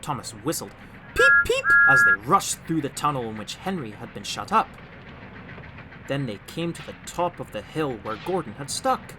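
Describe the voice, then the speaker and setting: A man narrating a storybook audiobook with expressive, animated storytelling. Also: medium pitch, normal speed, heavy background noise.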